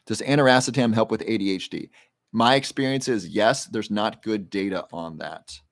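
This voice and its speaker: A man's voice: on the low side, normal speed, gravelly. A man hosting a casual livestream Q&A, reading viewer questions aloud and explaining health research in a rambling, conversational way.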